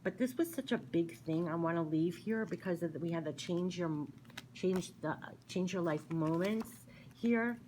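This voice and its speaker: A woman's voice: lowish voice, normal speed, dark tone, a little hiss or hum, low-quality recording. A woman doing a casual spiritual card reading, earnestly reading card messages aloud between her own remarks. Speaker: tarot reader.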